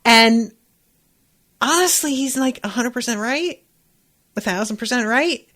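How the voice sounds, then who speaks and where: Woman podcaster, casual recap, slow unhurried delivery, playful acted-out quotes. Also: fairly high pitch. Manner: animated retelling with acted-out quotes, swearing. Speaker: podcast host.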